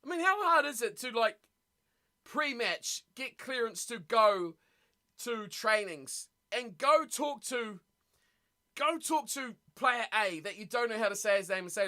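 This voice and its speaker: A man's voice: very high voice, expressive, a little slow, sharp tone. A man hosting a rugby watch-party stream, ranting bluntly in casual chat and reacting to viewer comments.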